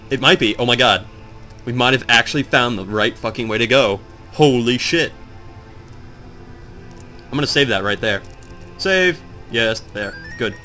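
A man in casual gameplay commentary, just up and groggy, rambling to his viewers and swearing as he gets lost and then excited. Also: mid-range voice, moderate pace, long pauses. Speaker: let's play commentator. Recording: faint game music behind.

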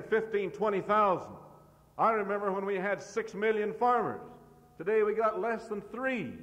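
A middle-aged man from the United States addresses a convention from the podium, his voice pitched a little high. He drives his points home with forceful repetition. The old cassette tape carries the long echo of a large hall. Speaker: farm organization leader. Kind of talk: convention speech.

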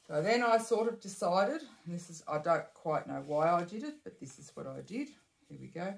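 In an echoey room, a bag-making tutor with a slightly low, gravelly voice explains a bag-sewing step. She's expressive and chatty at a moderate pace, often stopping to correct herself or toss in an aside.

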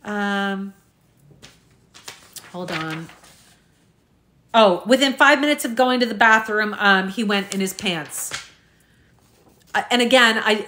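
Bright-voiced woman reading aloud haltingly. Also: medium pitch, a little hiss or hum. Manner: halting, with frequent ums and self-corrections; addresses viewers directly as "you guys". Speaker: true crime recap host. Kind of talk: casual reading aloud of journal entries.

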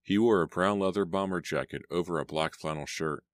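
Very deep-voiced male audiobook narrator. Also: fairly quick, no echo, studio quality. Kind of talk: scripted storybook narration.

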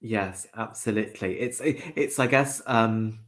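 Gentle, polite man as a guest. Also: lowish voice, measured pace. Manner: polite, gentle, many small hesitations. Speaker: guest, dog owner. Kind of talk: casual interview chat.

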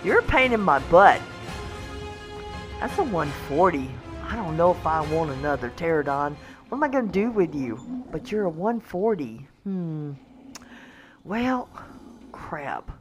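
A woman hosting a casual let's-play, chatting to the animals in her game in a coaxing, excitable way. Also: fairly low pitch, unhurried, pauses often, soft background music. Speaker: gaming channel host.

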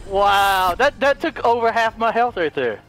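A man playing a fighting game as a guest, joking and yelling playfully. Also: sits high, animated, measured pace, faint music behind. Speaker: guest gamer. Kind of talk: excited gaming banter.

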